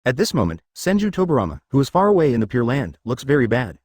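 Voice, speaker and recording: A man's synthetic voice narrating a web novel, reading everything in an even, machine-like way. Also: medium pitch, fast talker, no room sound, studio quality. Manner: flat synthetic reading, reads markup aloud.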